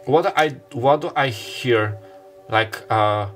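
A man doing a casual tarot card reading to camera. He talks in a halting way, with many fillers and self-corrections. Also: on the low side, fairly bright tone, faint music behind. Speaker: tarot reader. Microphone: camera mic.

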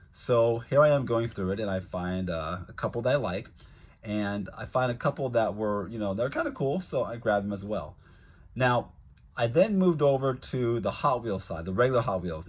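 A man's voice: fairly low pitch, slightly rough. A man vlogging as a toy collector, telling a casual, rambling story with lots of fillers.

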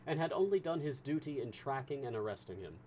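A man reading a classic novel aloud as a storyteller, with measured, expressive narration. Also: medium pitch, a little hiss or hum.

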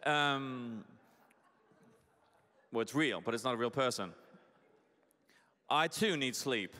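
A man in his forties, a pastor from Denmark, preaching and praying in a casual, excitable way with lots of fillers and restarts. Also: lowish voice, normal speed, long pauses. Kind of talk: sermon with prayer and storytelling. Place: church hall. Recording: echoey hall.

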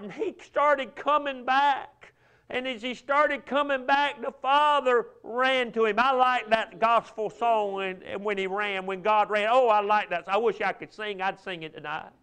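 A man preaching a fervent revival sermon, swinging from loud emphatic bursts to hushed, drawn-out pleading. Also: very high-pitched, smooth. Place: church sanctuary.

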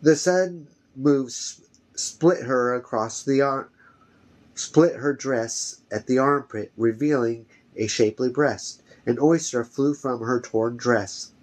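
With a medium-pitched, darkish voice, this reader works through a fantasy novel out loud, going slowly and carefully and often starting a phrase over.

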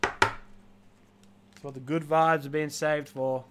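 A man's voice: a little high, flat delivery, takes it slowly, heavy background noise. A man hosting a live card-breaking stream, listing player names one after another and dropping joking asides.

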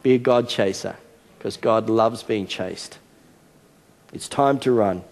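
Pastor preaching in a reverberant church hall. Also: male voice, lowish voice, slow, creaky. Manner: animated storytelling, acting out a child's game. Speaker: senior pastor. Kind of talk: sermon.

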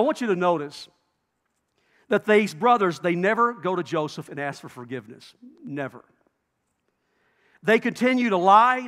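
Pastor guy preaching, high voice, acts out the story, long reverb from the church hall. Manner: expressive storytelling, acting out the brothers' pleas. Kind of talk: sermon. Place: church sanctuary.

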